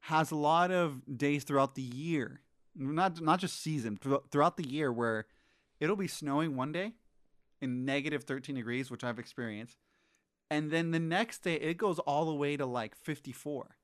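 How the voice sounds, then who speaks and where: A man's voice: fairly high pitch, normal speed, no room sound. Laid-back man on a dry mic. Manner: laid-back, swears casually, laughs along. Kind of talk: casual chat.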